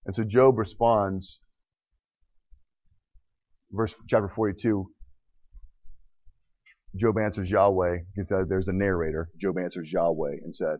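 A man's voice: sits low, fairly even intonation, a little slow, long pauses, darkish tone, no room sound. A man preaching a sermon in an impassioned, emphatic way, often repeating words, on a dull, lo-fi recording.

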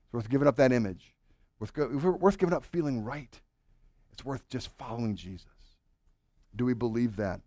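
A married man preaching a sermon to his congregation, swinging from loud urging to hushed, earnest questions. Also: medium pitch, moderate pace, pauses often, dry recording, studio quality. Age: adult, married with children. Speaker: pastor.

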